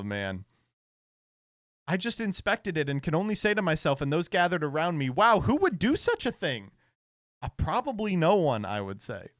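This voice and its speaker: A man's voice: a little high, a bit bright, dry recording, clean studio sound. A man hosting a stream, commenting on clips in a sarcastic, rambling casual chat. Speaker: streamer host.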